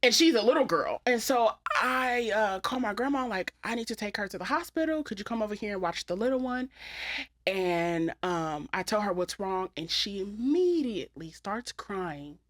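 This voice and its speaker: A young woman hosting a podcast, telling candid stories with animated delivery and blunt language. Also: mid-range voice, moderate pace. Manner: candid, animated storytelling with profanity. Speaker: podcast host. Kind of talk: casual chat.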